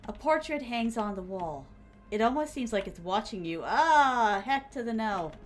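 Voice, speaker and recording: A young woman streaming a horror game, giving excitable live commentary and talking to herself and her chat as she plays. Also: on the high side, normal speed, soft background music. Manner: excitable, talks to herself and chat while playing.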